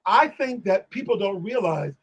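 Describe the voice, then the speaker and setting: An animated man tells stories on a live stream, sometimes singing and sometimes playing the people he quotes. His voice sits high and has a husky edge. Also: normal speed, poor audio. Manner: animated, exclamatory, sings lyrics and acts out voices. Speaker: guest. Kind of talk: casual storytelling on a live stream.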